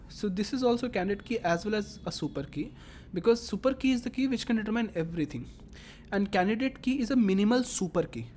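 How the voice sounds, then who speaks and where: A woman's voice: mid-range voice, darkish tone, slight background noise. A woman teaching a lecture, explaining step by step and repeating her phrases as she works through examples. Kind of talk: classroom lecture.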